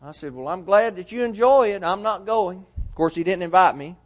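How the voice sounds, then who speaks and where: A man's voice: sits high, animated, a little fast. A man preaching a sermon in a church, telling a Bible story and quoting its figures with rising emphasis.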